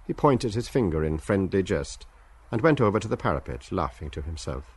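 A man narrating a literary radio drama in a measured, deliberate reading. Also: deep voice, sing-song, husky.

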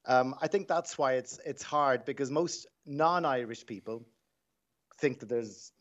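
A man who is a voice coach talks through a point in a measured, explanatory way. His voice sits at an ordinary middle pitch. He is heard over a dull, muffled phone line. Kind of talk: phone-in interview.

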